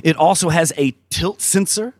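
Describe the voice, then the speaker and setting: A man's voice: on the high side, moderate pace, no echo, studio quality. Laid-back man explaining gear. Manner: laid-back, rambling, self-interrupting with fillers. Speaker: streamer and musician. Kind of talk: casual interview chat.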